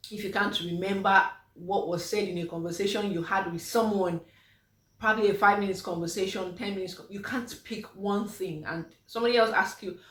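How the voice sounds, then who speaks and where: A woman's voice: mid-range voice, fairly even intonation, a little fast, fairly bright tone, far from the mic. A woman physiotherapist giving an informal health talk to mothers, chatty with many fillers, acting out the replies she quotes. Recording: echoey room, voice from off mic.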